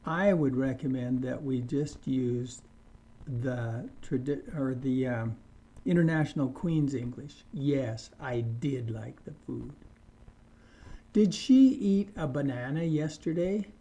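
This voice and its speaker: A man teaching an English grammar lesson, saying example sentences slowly and deliberately. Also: mid-range voice, mellow. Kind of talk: slow scripted grammar lesson.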